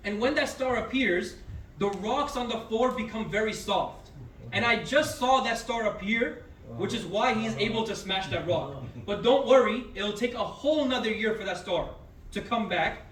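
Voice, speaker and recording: High-voiced man preaching in an echoey room. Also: normal speed, fairly bright tone. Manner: dramatic, repeats phrases for emphasis. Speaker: majlis speaker. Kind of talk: storytelling sermon. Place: gathering in a private home. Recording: echoey room, mic far off, faint background noise.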